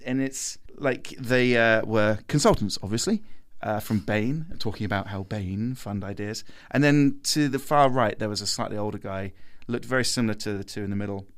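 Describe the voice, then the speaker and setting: A man's voice: lowish voice, normal speed, few pauses. A man in his thirties, a podcast guest, telling a story casually and animatedly, laughing often.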